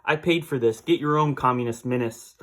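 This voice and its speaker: A man reading out the lines of a petty, angry male wannabe superhero from a comic, a bit louder. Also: mid-range voice, brisk, lightly acted.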